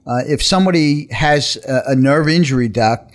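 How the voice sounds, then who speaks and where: New man, radio host, brisk and upbeat, middle pitch. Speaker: radio show host, personal injury attorney. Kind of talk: talk radio chat. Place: radio studio.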